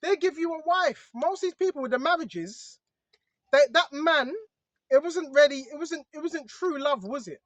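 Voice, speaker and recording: High-voiced casual preaching man. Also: normal speed, a bit bright, no room sound. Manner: conversational, repeats "bro" and "right?". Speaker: online preacher. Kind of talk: casual religious monologue.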